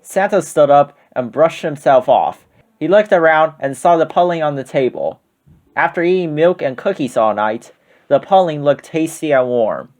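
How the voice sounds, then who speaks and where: A man narrating a children's picture book aloud in a steady, clear storytelling manner. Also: fairly high pitch, unhurried.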